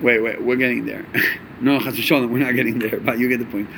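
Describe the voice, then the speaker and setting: A man teaching a chassidic Torah class, animated, asking rhetorical questions and mixing in Yiddish and Hebrew terms. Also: mid-range voice, fast talker, creaky, a little hiss or hum.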